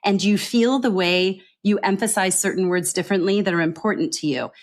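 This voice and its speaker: A woman working as a pronunciation coach describes her job earnestly in a podcast interview, frequently checking in with a quick "right?" Her voice is medium in pitch.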